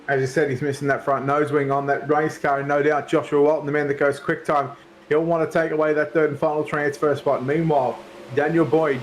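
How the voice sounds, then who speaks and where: A man with a slightly raised voice co-commentates a sim race, building excitement toward the finish line. Faint noise sits under his voice. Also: on the high side. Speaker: co-commentator and driver. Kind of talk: sim racing play-by-play commentary.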